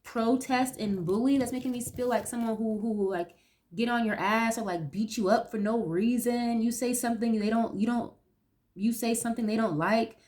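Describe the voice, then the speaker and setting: A woman's voice: fairly high pitch, steady tone, normal speed, darkish tone. A young woman doing a casual tarot reading, reacting aloud to each card with blunt, profane commentary. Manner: blunt, swears freely, reacts aloud to the cards. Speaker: tarot reader.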